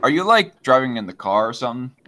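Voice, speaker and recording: A man with a medium-pitched, very animated voice, pushed and bright, speaks at a quick pace while hosting a loose, casual podcast. He reads and reacts to viewer chat comments as they arrive, talking hesitantly, trailing off and restarting often with many fillers.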